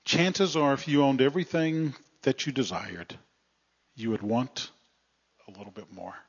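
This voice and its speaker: A male pastor preaching a sermon in a plainspoken, earnest way, often letting phrase ends drop quiet. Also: mid-range voice, a little slow, breathy edge. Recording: slightly muffled lo-fi recording.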